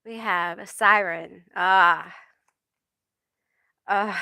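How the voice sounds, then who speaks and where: A woman's voice: mid-range voice, takes it slowly, sharp tone, clean tone, no room sound, studio quality. A woman tarot reader channeling spirit messages live, hesitant and reassuring, often checking in with "okay?".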